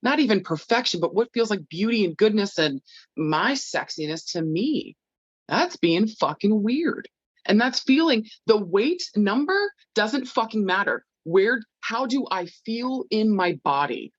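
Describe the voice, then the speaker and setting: Woman guest, deep voice, salty and unfiltered, lively ups and downs, dry lo-fi sound. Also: a little slow, no room sound. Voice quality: deep, low voice. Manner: blunt, profane and animated. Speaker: medium and guest. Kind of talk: casual chat.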